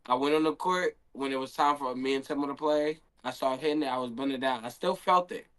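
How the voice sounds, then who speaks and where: A man's voice: mid-range voice, fairly quick, fairly bright tone, clean tone. A young man, a handball player, telling a story in a casual stream Q&A and acting out his own quotes.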